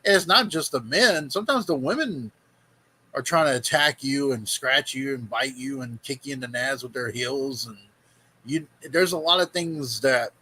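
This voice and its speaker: A man's voice: mid-range voice, pushed and bright, a little hiss or hum, rough recording. A man hosting a reaction video, giving blunt, profane advice in casual commentary. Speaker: vlog host reacting to a video.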